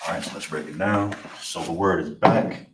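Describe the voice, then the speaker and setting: A very low-voiced man leads a language class and patiently repeats each word. He sounds far from the mic in a roomy, echoey space, with dishes and cutlery clattering loudly behind him. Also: steady tone, heavy background noise. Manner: patient, repeats words slowly. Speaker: teacher.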